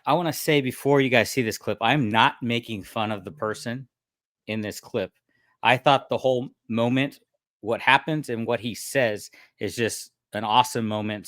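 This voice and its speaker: Man, podcast co-host, casual chat, laughs a lot, mid pitch, dry close mic. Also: no echo. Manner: laughs often, animated storytelling.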